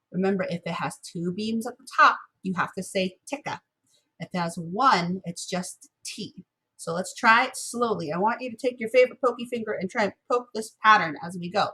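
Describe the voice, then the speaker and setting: Woman music teacher for a recorded class lesson, bright and slightly husky, patient and encouraging. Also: medium pitch, expressive. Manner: patient, encouraging, chants rhythm syllables slowly.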